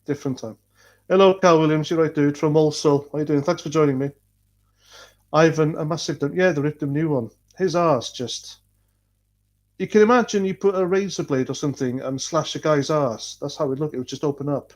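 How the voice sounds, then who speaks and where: A man's slightly high, darkish voice moves briskly. He's a livestream host from North Wales with a North Welsh accent, reading chat and talking casually, bluntly and in a rambling way while swearing freely.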